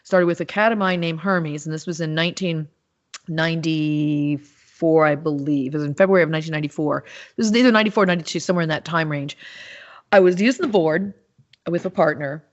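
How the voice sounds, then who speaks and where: Lower-pitched woman, dull lo-fi sound. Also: fast talker. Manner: animated storytelling with many restarts and fillers. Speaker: podcast guest, animal communicator. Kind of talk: casual interview talk.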